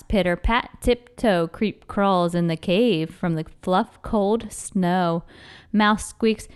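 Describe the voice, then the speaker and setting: A woman reading a children's picture book aloud in a rhythmic, expressive way. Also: mid-range voice, slow, clean tone. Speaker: storybook reader.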